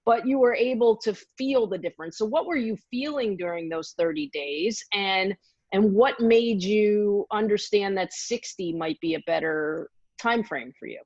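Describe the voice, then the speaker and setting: A woman health coach hosting an interview, asking questions in a halting way with many fillers. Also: mid-range voice, a little mellow, no echo. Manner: halting, lots of "uh" and restarts. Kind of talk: casual interview. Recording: dry, dull lo-fi sound.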